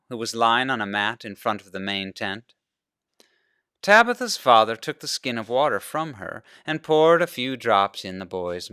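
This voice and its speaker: Slow, lively-voiced pastor reading a story. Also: male voice, mid-range voice, clean tone, no room sound, studio quality. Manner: slow, expressive read-aloud narration.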